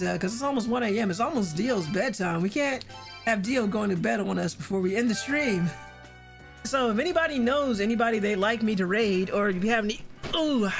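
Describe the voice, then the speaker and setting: Gravelly-voiced woman streamer, chatty. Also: mid-range voice. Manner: chatty, self-interrupting, wry. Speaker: game streamer. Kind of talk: casual live-stream commentary.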